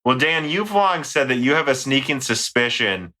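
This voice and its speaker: A man's voice: medium pitch, expressive, normal speed, bright, forceful tone. An American man hosting a casual tech podcast, rambling and joking as he reads listener mail. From United States. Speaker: podcast host.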